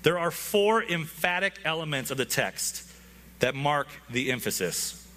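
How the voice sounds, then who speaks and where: A man's voice: a little high, animated, measured pace, bright, forceful tone. A man, a pastor, preaching a conversational sermon to his congregation with frequent asides.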